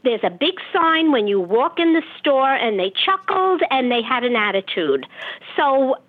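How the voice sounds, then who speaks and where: Indignant high-voiced woman on a phone line. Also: big pitch swings, measured pace. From New York. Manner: indignant, complaining. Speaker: caller. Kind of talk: phone complaint.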